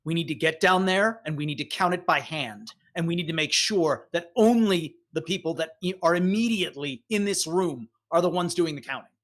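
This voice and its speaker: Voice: medium pitch, animated, a little fast, few pauses, a bit bright, natural voice. A game master voicing Kevin, a tense male station officer who gives clipped, commanding orders in a tabletop game. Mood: urgent.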